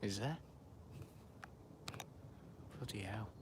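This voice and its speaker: A man's voice: on the low side, very slow, noisy background. Chatty man rambling outdoors. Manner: rambling, chatty, self-correcting. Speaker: planespotting livestreamer. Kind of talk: casual live commentary. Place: outdoors beside an airport.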